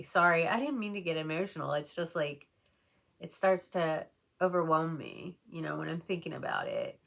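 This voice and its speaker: A low-pitched woman speaks in a casual get-ready-with-me vlog. She rambles through her thoughts with plenty of fillers, sounding emotional as she talks. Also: normal speed, vocal fry, a bit bright. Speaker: beauty vlogger.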